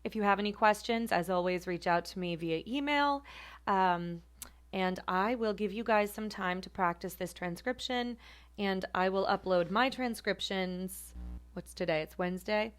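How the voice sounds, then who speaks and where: A woman teaching a phonetics class, speaking deliberately and repeating example words slowly to demonstrate them. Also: medium pitch. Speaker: phonetics instructor. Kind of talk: recorded lecture demonstration.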